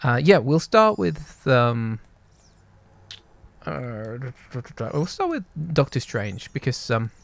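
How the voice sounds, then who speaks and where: Man, gravelly voice, easygoing rambling chat, co-host. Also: medium pitch, big pitch swings, slow pace. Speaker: podcast co-host. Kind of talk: casual chat.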